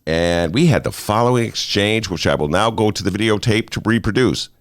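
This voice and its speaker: A man's voice: fairly low pitch, a little fast, no echo. A man hosting a talk show in a studio, joking and self-mocking in a playful monologue. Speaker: host.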